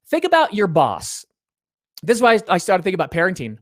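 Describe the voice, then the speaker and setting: A man's voice: high-pitched, fast, dry recording, studio quality. A middle-aged man talking about his parenting experiences in an interview, acting out the people he quotes. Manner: animated storyteller, acts out quotes. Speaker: guest. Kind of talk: conversational interview.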